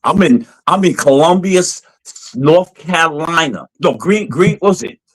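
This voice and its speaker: Middle-aged man, casual panel storyteller, lively and swinging in pitch, a bit high. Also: normal speed. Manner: animated storyteller, acts out quoted voices. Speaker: panelist on a live show.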